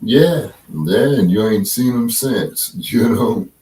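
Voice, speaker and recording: A man's voice: fairly low pitch, animated, takes it slowly, dark tone, recorded from a distance. A man co-hosting a casual political chat, talking bluntly and profanely with strong emphasis. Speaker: co-host. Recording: roomy echo, set back from the mic.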